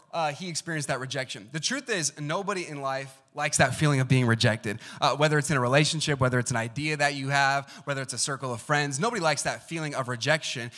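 A man's voice: a little high, sharp tone. Male pastor preaching in a conversational style. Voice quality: conversational, uses acted quotes and asides. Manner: speaks to the congregation with questions, many fillers. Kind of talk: sermon.

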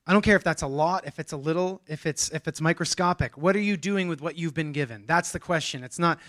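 A man's voice: a little high, fairly bright tone. Casual, talkative male pastor preaching. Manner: conversational, self-deprecating, with restarts and quick asides. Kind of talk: sermon.

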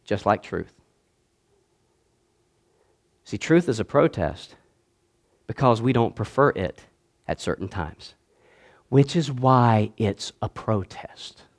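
A man preaching a sermon as pastor, swinging between loud declaiming and quiet asides and calling on the congregation to answer back. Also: fairly low pitch, animated, takes it slowly.

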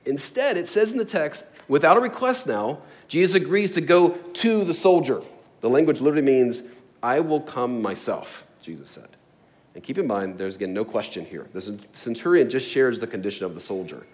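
A man's voice: mid-range voice, expressive, brisk. A man preaching a sermon, explaining a scripture passage with storytelling and acted-out asides. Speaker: pastor.

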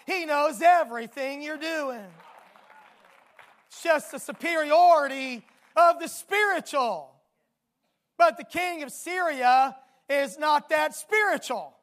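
A preacher delivering a sermon, telling a story dramatically and bursting into emphatic shouts. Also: high voice.

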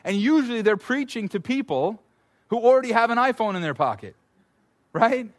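A male pastor preaching a conversational, animated sermon, often repeating words as he goes. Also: extremely high pitch, normal speed.

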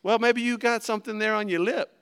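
A man preaching a sermon, folksy and animated, swinging between loud emphasis and hushed asides. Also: high voice, fast, clear, resonant tone. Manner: animated, folksy, acts out little voices. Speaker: pastor.

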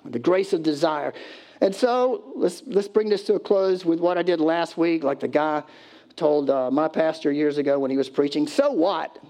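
Male pastor, slightly high voice, conversational preaching with playful acted-out voices. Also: moderate pace, mellow. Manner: conversational preaching, acts out pleading voices, loose restarts. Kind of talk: sermon.

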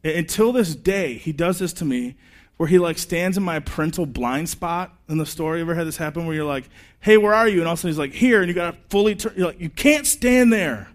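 This is a man in his thirties, and his voice sits a bit higher than most men's. He preaches in a loose, chatty way, bouncing through personal anecdotes and quick asides to his listeners. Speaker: pastor. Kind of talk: conversational sermon with personal stories.

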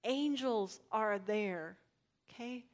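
This preacher, a woman with a mid-range voice, takes her time as she talks through a sermon conversationally. She asks listeners pointed questions and alternates between booming emphasis and hushed, whispery passages.

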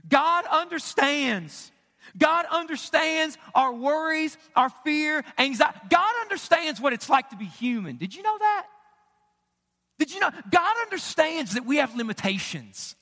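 High, bright-voiced preacher in a reverberant church. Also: male voice. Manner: emphatic, conversational preaching with rhetorical questions and jokes. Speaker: pastor. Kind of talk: sermon. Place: church sanctuary. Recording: long hall reverb.

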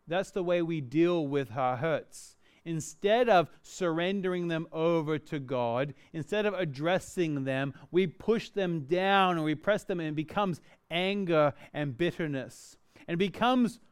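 A man's voice: sits high, clean tone. A middle-aged male pastor preaching a sermon, earnest and dynamic, with self-deprecating humor.

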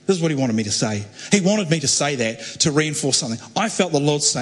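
A man preaching, telling a story in a conversational sermon style with halting restarts that builds to fervent emphasis. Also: fairly high pitch, lively intonation. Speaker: pastor. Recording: long hall reverb.

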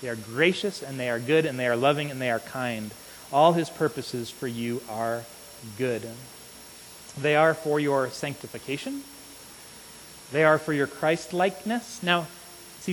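A man preaching a sermon in an earnest manner, often checking in with the congregation with a quick "right?". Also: medium pitch. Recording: long reverb with faint hiss.

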